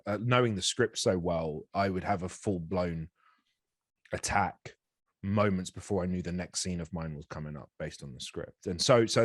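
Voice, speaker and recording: A man's voice: lowish voice, no echo, studio quality. A man in his thirties, an actor guest telling a candid, self-deprecating story in an interview, rambling with frequent restarts.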